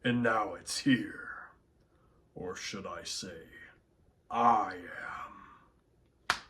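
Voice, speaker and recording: A tyrannical alien warlord who speaks deep, slow and grandiose, as if from a throne, as a man puts him on. His lines come out heavy and commanding. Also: sharp tone, far from the mic, heavily acted. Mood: ominous.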